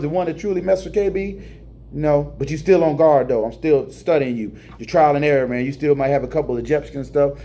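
Preachy middle-aged American man, fairly high voice. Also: warm tone. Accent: American English. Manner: preachy, swings between low muttering and high emphatic bursts. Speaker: truck driver vlogger. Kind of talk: emotional venting monologue. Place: indoors in a trucking terminal building.

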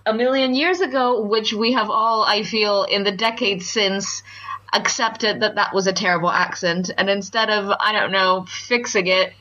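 A woman co-hosting a casual podcast chat, opinionated and quick to laugh. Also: mid-range voice, fairly even intonation, sharp tone, highs cut off. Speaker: podcast co-host.

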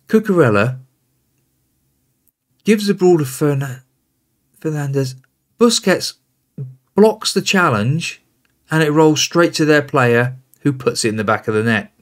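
A man's voice: fairly high pitch, expressive, measured pace, long pauses. A man hosting a football management game, calling out player names and reacting with exasperation as play unfolds. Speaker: gaming host. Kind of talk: casual game commentary.

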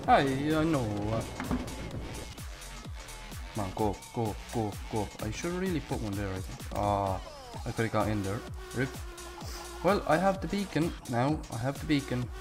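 A young man giving live gameplay commentary, excitable and often swearing as he talks to himself while playing. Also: mid-range voice, normal speed, music in the background. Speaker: gaming channel host.

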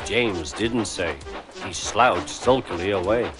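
A man narrating a children's railway story in a measured, expressive way. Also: low voice, music in the background.

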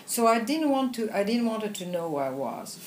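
Woman, French accent, older, lively anecdotes, laughs often, roomy echo. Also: medium pitch, a little fast, slight background noise. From France. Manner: animated anecdotes with frequent laughs and "you know". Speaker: film editor and director, guest. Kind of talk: conversational interview storytelling.

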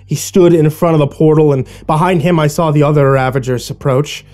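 A man's voice: on the high side, fairly even intonation, brisk, few pauses, darkish tone, soft background music. A man narrating a horror story in the first person, with dramatic scripted delivery.

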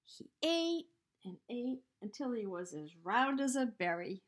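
Woman teacher, storybook read-aloud, expressive, hushed asides, lively pitch, slow. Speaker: teacher reading to children.

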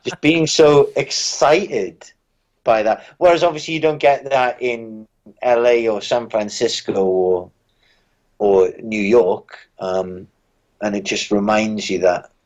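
British male musician guest, low voice, dry wry storyteller, casual. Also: fairly even intonation, unhurried, a little mellow, dull audio. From Britain. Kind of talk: casual interview chat.

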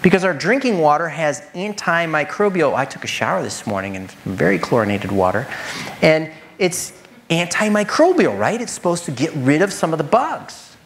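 Animated male nutrition lecturer. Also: a little high, normal speed. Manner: animated, rhetorical questions, addresses audience directly. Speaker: nutritionist presenter. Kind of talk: lecture presentation.

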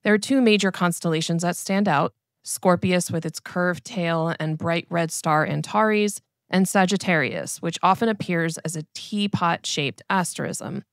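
A woman giving a calm, clear scripted narration as an astronomy educator. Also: fairly low pitch, measured pace, no echo, studio quality. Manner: calm, clear instructional delivery.

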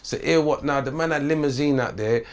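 A middle-aged man from St Vincent a lilt, telling his life story in an interview in a lively, swearing way and acting out the voices he quotes. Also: mid-range voice, fairly quick. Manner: animated, streetwise, swearing, acts out quoted voices. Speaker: interview guest.

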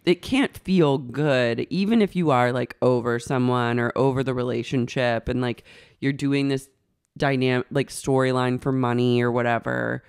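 A man's voice: medium pitch, fairly even intonation, normal speed, vocal fry, clear, resonant tone, dry recording. Chatty gay-podcast-style man, dry sound. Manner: chatty, acts out quotes in raised voices. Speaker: podcast co-host. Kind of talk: casual chat recapping a reality show.

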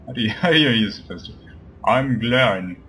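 A man's voice: medium pitch, expressive, very fast, bright, forceful tone, a little hiss or hum. A man giving casual, joking commentary while playing a video game, chatting to his party members and swearing now and then. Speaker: let's play commentator.

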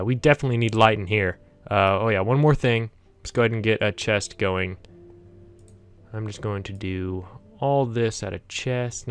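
A man's voice: lowish voice, clean tone. A man hosting a gaming channel, chatting to viewers as he plays, easily startled, with yelps and laughs. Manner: talks directly to viewers. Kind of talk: casual gameplay commentary.

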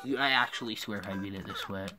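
Low-voiced woman griping at a game. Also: quick pace. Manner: frustrated, talks to the game, mutters and repeats herself. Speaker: gaming YouTuber. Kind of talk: casual gameplay commentary. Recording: game music behind the voice.

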